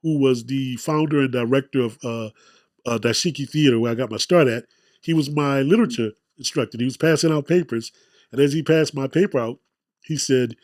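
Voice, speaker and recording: A man's voice: mid-range voice, a little fast, a little mellow, no room sound. Podcast host guy, chatty, pokes fun at himself, very dry close sound. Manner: chatty, self-deprecating storyteller. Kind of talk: casual interview chat.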